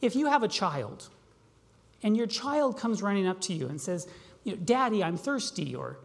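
A pastor preaching a sermon, asking rhetorical questions and slowing down on key phrases. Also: medium pitch, very animated, a little mellow. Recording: long reverb of a large hall.

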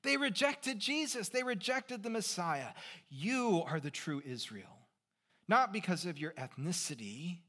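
Preaching as pastor, a middle-aged man keeps his sermon conversational, tossing out rhetorical questions and alternating hushed asides with forceful points. He speaks in a mid-range voice.

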